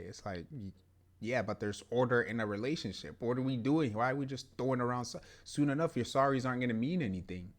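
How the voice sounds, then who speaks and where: Male podcast co-host, low-pitched, emphatic, animated casual talker. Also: brisk. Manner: animated, emphatic, laughs often. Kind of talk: casual chat.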